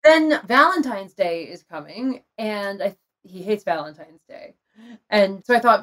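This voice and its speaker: A woman's voice: mid-range voice, expressive, unhurried, a bit bright. A middle-aged woman candidly telling an emotional personal story in conversation, laughing often. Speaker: guest telling her story.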